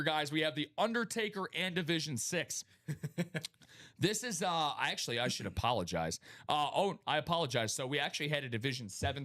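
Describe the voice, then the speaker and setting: A man hosting a live sports memorabilia stream, talking in an energetic hype style and greeting viewers by name. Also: fairly high pitch. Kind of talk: casual live-stream chat.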